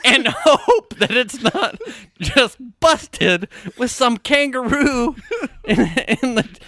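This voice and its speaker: A man's voice: extremely high pitch, animated, takes it slowly, sharp tone, no room sound, clean studio sound. A man co-hosting a podcast, joking crudely and laughing often in casual banter. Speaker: podcast co-host.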